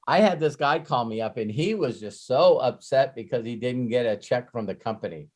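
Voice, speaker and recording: Animated male host telling stories. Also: mid-range voice, moderate pace. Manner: animated storyteller acting out both sides of phone calls. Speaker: host and business coach. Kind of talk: casual storytelling on a live session.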